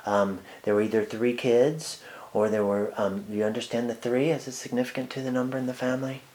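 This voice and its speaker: Halting man doing a medium reading. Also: mid-range voice, little pitch movement, darkish tone. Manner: halting, full of fillers and restarts. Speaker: psychic medium. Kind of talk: one-on-one spirit reading.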